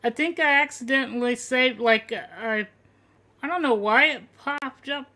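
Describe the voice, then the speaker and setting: A man's voice: very high voice, moderate pace, bright, forceful tone. A man co-hosting a podcast, chatting casually and hesitantly with many fillers. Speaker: podcast co-host. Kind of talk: casual live-stream chat.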